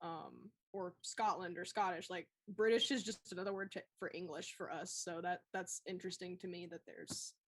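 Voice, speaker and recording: A woman's voice: on the low side, steady tone, moderate pace, few pauses. A woman with a Southern US accent chatting casually on a livestream, self-deprecating. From United States. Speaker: cosplay livestream co-host. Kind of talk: casual chat.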